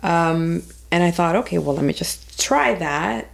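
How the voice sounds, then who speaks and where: A woman's voice: fairly low pitch, animated, a little slow, creaky. A woman chatting casually about her sports bets in a hesitant, giggly way. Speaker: guest picking bets. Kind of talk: casual sports betting chat.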